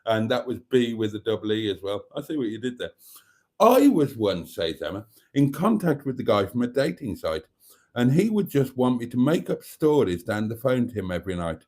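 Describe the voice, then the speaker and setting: A man's voice: mid-range voice, very animated, a little fast, warm tone. Man reading his live chat. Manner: reads viewer comments aloud, chuckling often. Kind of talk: casual live stream chat.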